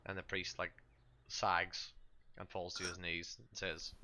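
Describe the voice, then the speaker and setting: A man's voice: low-pitched, monotone, unhurried, pushed and bright. A man narrating a tabletop horror game as game master, describing scenes with frequent restarts and fillers.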